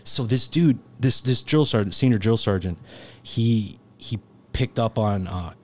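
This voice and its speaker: A man's voice: on the low side, unhurried, a little mellow, slight background noise. A man telling a long casual story as a podcast guest, rambling through filler words and laughing now and then. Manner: laughs while telling stories.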